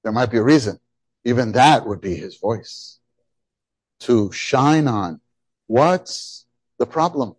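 A middle-aged man delivers a sermon with animated emphasis, circling back to repeat his key words. His voice sits in a mid range and sounds dry and close to the mic. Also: mid-range voice, takes it slowly, long pauses, slightly rough, no room sound. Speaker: pastor.

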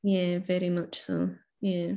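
A woman's voice: on the low side, flat delivery, slow, warm tone. A young woman, a guest in a casual chat, talking reflectively with lots of "like" and easy laughter. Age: young adult.

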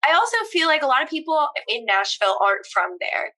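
A woman's voice: high-pitched, lively intonation, fast talker, pushed and bright. A woman in her twenties from Pennsylvania, co-hosting a casual chat, talking easily with lots of "like" and casual swearing. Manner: chatty, filler-heavy with "like", casual swearing. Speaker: podcast co-host.

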